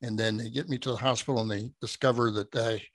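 A middle-aged man, a podcast guest, telling a personal story in a casual, animated way, laughing often and acting out quoted speech. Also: medium pitch, fast, dry recording.

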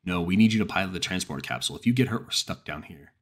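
A stern captain of a deep-sea station, played by a man, barks curt orders in a deep, husky voice. He sounds commanding and clipped throughout this horror story. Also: lively intonation, fast, fairly bright tone, full character voice.

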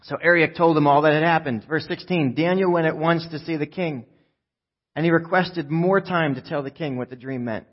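A man delivers a sermon in a slightly husky voice, bringing a scripture story to life by acting out the characters. The recording sounds a little dull and lo-fi. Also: on the high side, normal speed. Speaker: pastor.

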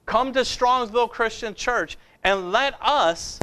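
Very high-voiced, slow-preaching male pastor. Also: pushed and bright. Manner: emphatic, repetitive preaching with rhetorical questions. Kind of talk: fiery sermon.

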